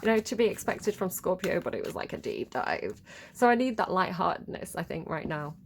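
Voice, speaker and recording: A woman's voice: lowish voice, big pitch swings, fairly quick, slight background noise. A woman giving a casual tarot reading, giggly, playful and rambling. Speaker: tarot reader.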